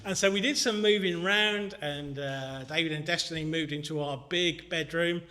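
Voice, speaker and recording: A man delivering an earnest, conversational sermon in a church. His voice is fairly high and bright, and it carries a long reverb through the hall. He drops to a hush and then climbs back up. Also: moderate pace. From Britain. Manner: earnest, conversational preaching with swings from hushed to shouting. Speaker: minister.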